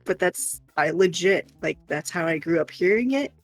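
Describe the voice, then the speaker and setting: A woman's voice: lowish voice, animated, normal speed, faint music behind, poor audio. A woman with an Indiana Hoosier twang, co-hosting a casual chat and laughing often between phrases. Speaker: co-host.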